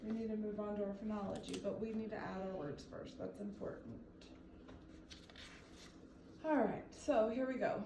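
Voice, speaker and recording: A woman's voice: mid-range voice, normal speed, gravelly, long pauses, noisy background. A woman tutoring a child one-on-one in reading, patient and encouraging, coaxing answers out of him. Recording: echoey room, mic at a distance.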